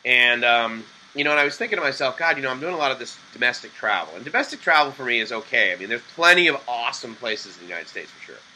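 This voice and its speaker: A man's voice: mid-range voice, fast talker, hardly any pauses, slight background noise, poor audio. A man from the Boston area telling a rambling travel story to camera, full of fillers and self-corrections. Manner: animated quoted dialogue. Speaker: vlogger.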